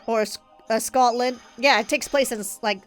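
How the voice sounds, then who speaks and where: A woman's voice: fairly high pitch, fairly even intonation, moderate pace, soft background music. A woman streaming a game, chatting casually with a stuffy nose, giggling and rambling through stories. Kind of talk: casual live-stream chat.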